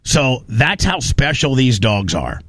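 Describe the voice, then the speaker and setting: An excitable man hosts a casual chat, telling a story and tripping over his own words as he goes. He keeps repeating himself when something amazes him. His voice sits at an everyday pitch and sounds dry and close, with no room around it. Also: slow pace, no room sound.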